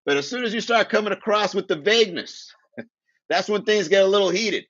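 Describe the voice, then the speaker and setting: A man's voice: sits high, expressive, brisk, fairly bright tone, dry recording, highs cut off. A man from Miami hosting a casual comedy livestream, joking and chatting with viewers, laughing at his own jokes. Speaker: comedy podcast host.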